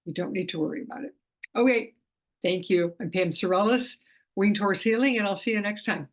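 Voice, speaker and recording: A middle-aged woman speaks briskly in a mid-range voice as she explains her work as an animal communicator in a casual talk to camera. She chats freely, with frequent restarts and soft laughs.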